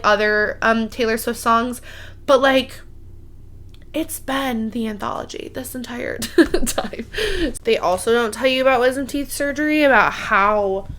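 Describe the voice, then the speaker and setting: A woman's voice: a little high, a bit bright. Chatty, gushing young woman. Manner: gushing, filler-heavy, chatty. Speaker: podcast host. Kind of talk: casual solo podcast chat.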